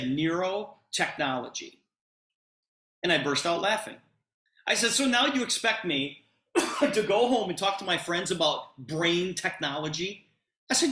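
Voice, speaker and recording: A middle-aged man retelling a conversation to an audience with lots of expressive emphasis. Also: high-pitched, roomy sound. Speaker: presenter telling a personal story. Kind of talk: animated storytelling to an audience.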